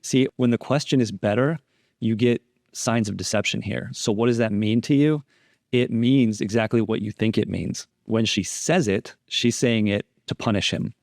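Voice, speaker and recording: A man's voice: on the low side, moderate pace, creaky, darkish tone, no echo, studio quality. A man instructing on deception analysis, explaining interrogation footage in a methodical way and repeating key phrases for emphasis.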